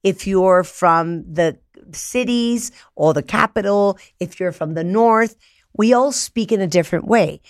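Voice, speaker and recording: A woman's voice: medium pitch, unhurried. A woman from Mexico hosting a talk show, chatting playfully with a guest and bursting into laughter. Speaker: host. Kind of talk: lively talk show chat.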